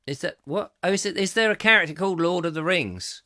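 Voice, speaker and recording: A man hosting a live chat show, reading out viewer comments with jokey, mock-indignant asides, his throat going a little hoarse. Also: sits high, brisk, sharp tone, no room sound, clean studio sound. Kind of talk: casual ranty live-stream chat.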